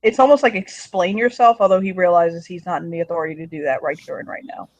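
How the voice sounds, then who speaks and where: A man's voice: a little high, animated, racing, no room sound, dull audio. Man narrating a tabletop game, dry sound. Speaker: storyteller running the game. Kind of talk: tabletop role-play narration.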